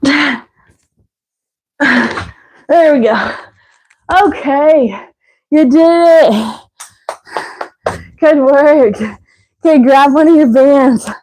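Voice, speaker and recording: A woman's voice: high-pitched, extremely slow, pauses often, darkish tone, poor audio. A woman leading a live workout as fitness instructor, counting reps and cueing stretches while out of breath. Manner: counting reps, breathy and winded between cues.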